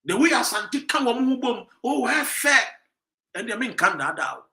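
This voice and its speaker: A man with a Ghanaian accent giving emphatic commentary, full of rhetorical questions, sometimes loud and sometimes dropping low. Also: animated, normal speed, echoey room. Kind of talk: animated commentary mixing Twi and English.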